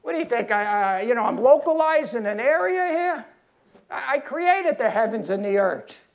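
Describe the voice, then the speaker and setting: A man voicing God in a sermon, speaking plainly and a little insistently to worshippers, his high voice a bit gravelly. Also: lively intonation, normal speed, heavily acted. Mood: explaining. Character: God speaking to worshippers, all-powerful, calm.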